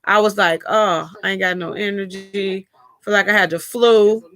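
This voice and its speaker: A woman's voice: medium pitch, fairly even intonation, moderate pace, a bit bright, dry recording. A middle-aged woman chatting casually with viewers during a live stream, telling a long personal story in a talkative, colloquial way.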